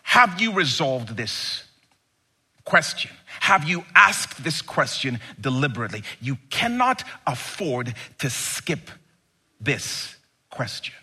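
Bright-voiced, animated male preacher. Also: mid-range voice, slow pace, slightly rough. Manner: emphatic, rhetorical questions, playful asides. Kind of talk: sermon.

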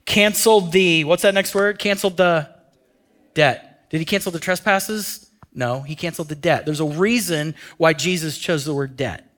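A man preaching a sermon in a conversational way, asking his listeners questions and dropping to a hush on key phrases. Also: a little high, normal speed. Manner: conversational, asks the audience questions. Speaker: pastor.

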